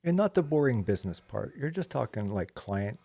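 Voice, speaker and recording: Gravelly man telling rambling work stories. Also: medium pitch, very animated, brisk, darkish tone, no room sound. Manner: rambling storyteller with many "you know"s and restarts. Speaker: commercial photographer, co-host. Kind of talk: casual conversation.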